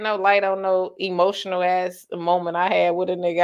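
A woman's voice: fairly low pitch, steady tone, a little fast, few pauses. Laughing, profane woman in casual chat. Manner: loose, profane, laughs often. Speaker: podcast co-host.

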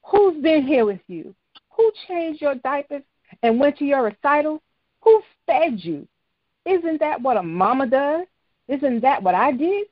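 A woman's voice: sits high, big pitch swings, measured pace, no room sound, voice pushed up. A woman voicing a stubborn, defensive mother. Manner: dismissive, raises her voice when pushed. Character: stubborn middle-aged mother, defensive and guarded. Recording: dry, slightly dull lo-fi recording.

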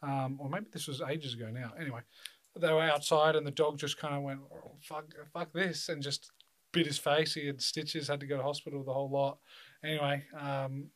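A man's voice: fairly high pitch, flat delivery, a little fast, fairly bright tone. Swearing young man telling stories. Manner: loose, swearing storyteller who laughs often. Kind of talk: casual chat.

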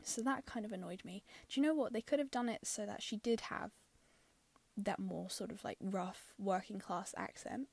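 Chatty woman with a gravelly edge. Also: mid-range voice, normal speed, a little mellow, dry recording. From London. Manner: chatty and opinionated, many fillers, drops into whispery asides. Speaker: film reviewer. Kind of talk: casual spoken film review.

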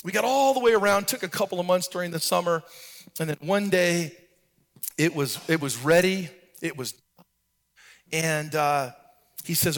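High-voiced preaching pastor, storyteller. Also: male voice, moderate pace, pauses often. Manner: storytelling, rising to a sung, preachy cadence. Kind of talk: sermon.

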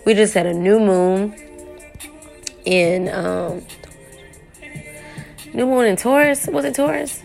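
Hoarse woman with a gravelly voice. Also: mid-range voice, slow, long pauses, a little mellow, faint music behind. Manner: chatty, addresses listeners with "okay?" and "y'all". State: hoarse, lost voice. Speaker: tarot reader and podcast host. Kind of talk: casual tarot forecast podcast.

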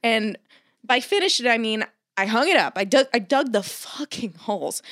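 A woman chatting casually as a podcast co-host, an animated storyteller who swears often and acts out what people said. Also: fairly high pitch, moderate pace, no room sound, clean studio sound. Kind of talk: casual chat.

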